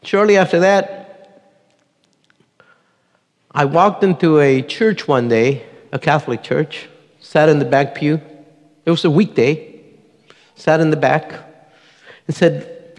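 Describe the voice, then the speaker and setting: In a church sanctuary with long reverb, a middle-aged man offers his personal testimony slowly, pausing often, in a fairly high voice. He tells it earnestly, acting out the voices of the people he quotes.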